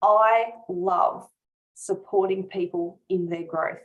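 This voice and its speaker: A woman business coach chats warmly in an interview, speaking earnestly and from the heart. She often breaks into small laughs and restarts her sentences as she talks. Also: medium pitch, fairly even intonation, slow, narrow, tinny audio. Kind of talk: casual interview chat.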